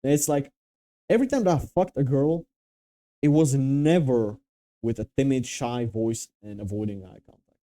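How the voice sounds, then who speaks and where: A man's voice: medium pitch, moderate pace, dark tone. A young man from Romania giving casual, blunt, profane advice with emphatic restarts. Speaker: dating and confidence coach.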